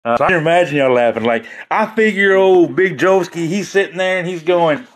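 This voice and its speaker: A man hosts a casual livestream, joking and rambling with his viewers. His voice sits a little high for a man and swings widely in pitch as he talks. He laughs often and keeps the tone loose. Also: lively intonation, fairly quick, few pauses. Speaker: livestream host chatting with viewers.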